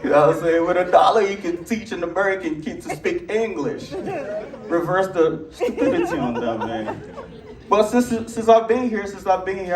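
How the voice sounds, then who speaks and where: A young man in his twenties from Lagos, with a Nigerian accent, performs a brash, crude stand-up set at a comedy club. His voice is on the high side, and he lands his punchlines conversationally. The audio is echoey and recorded from afar in the club.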